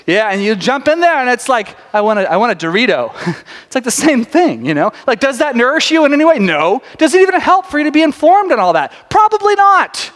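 A man preaching a sermon to a congregation in a church sanctuary, talking fast and chatty, cutting himself off and restarting. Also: extremely high pitch, sing-song, fairly bright tone. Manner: fast, chatty and self-interrupting, often laughing. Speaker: pastor. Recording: long reverb of a large sanctuary.

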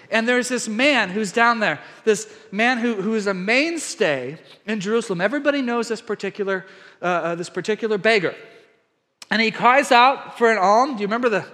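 A man preaching a sermon, retelling a story with lively shifts and acted-out crowd voices. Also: high-pitched. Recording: hall reverb.

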